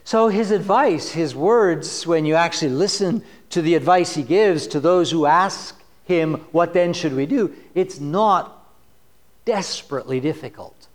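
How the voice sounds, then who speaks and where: A man giving a sermon in a high, light voice. He talks slowly and unhurriedly, joking wryly with the congregation. He reads scripture aloud with mounting force. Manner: conversational and wry, reads scripture with rising force. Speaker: pastor.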